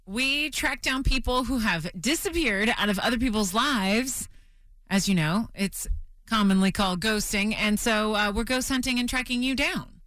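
A woman's voice: on the high side, moderate pace, a bit bright, dry recording. A woman co-hosting a morning radio show, teasing and playful as she talks with a caller. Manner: playful, teasing, laughs often.

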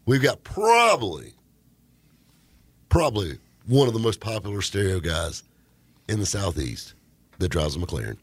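Joking radio host, husky voice. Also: male voice, fairly low pitch, measured pace, long pauses, no room sound. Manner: joking, boisterous, lively banter. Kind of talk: casual studio radio chat. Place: radio studio.

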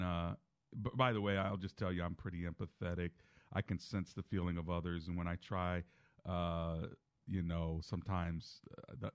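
Earnest pastor hosting call-in radio. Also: male voice, low voice, darkish tone, no room sound, clean studio sound. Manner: earnest, encouraging, folksy. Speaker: radio show host and pastor. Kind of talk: call-in radio talk and prayer.

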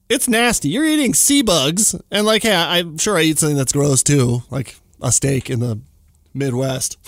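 A man hosts a casual solo podcast, his fairly high voice swooping up and down as he rants. The sound is close and dry, with no room around it. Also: no room sound. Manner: animated, exaggerated jumps in pitch when ranting. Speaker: podcast host.

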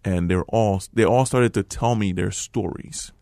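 An earnest man with an American accent tells his story in a deep, gravelly voice. He speaks close to the mic in a dry, dead room, and goes quiet and hushed when the story turns tense. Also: unhurried, no echo. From Liberia. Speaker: guest. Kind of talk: storytelling conversation.

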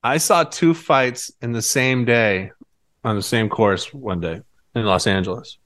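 A man's voice: mid-range voice, unhurried, a bit bright. A man in casual chat, telling a story with animation, laughing as he goes and acting out the voices of the people in it. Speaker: podcast co-host.

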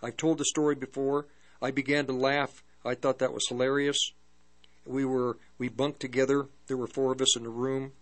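An older man preaching and telling a personal testimony in a halting storytelling way, with many restarts. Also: mid-range voice, level tone. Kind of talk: testimony sermon.

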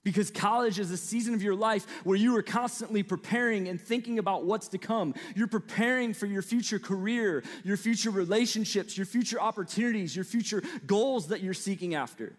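A young Midwestern man with a slight Southern twang gives a relaxed, talkative sermon to college students. His voice sits high for a man, and it rings out with the long reverb of a big hall. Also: a little fast, hardly any pauses. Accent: Midwestern American with a slight Southern twang. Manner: conversational, storytelling, lots of fillers and asides. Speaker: preacher.

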